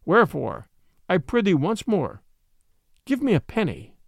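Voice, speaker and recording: A merry young outlaw in beggar's rags, teasing and sly, his voice lifting and dipping with playful mischief, as a male narrator voices him. The tone sits a little high with a gravelly edge, recorded close and dry. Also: huge pitch swings, measured pace, no echo, heavily acted.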